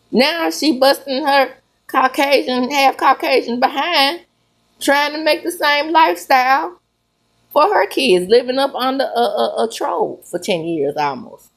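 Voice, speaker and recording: A middle-aged woman with a Southern accent, hosting a sassy, animated commentary show with drawn-out emphasis. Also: sits high. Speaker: host. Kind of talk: casual commentary.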